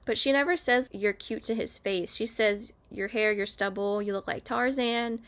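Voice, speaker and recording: Her tone stays steady and fairly bright as this young woman, lounging on her bed at home, casually reviews a reality show for YouTube. She speaks in a mid-range voice at normal speed, barely pausing, and regularly imitates quotes in other voices.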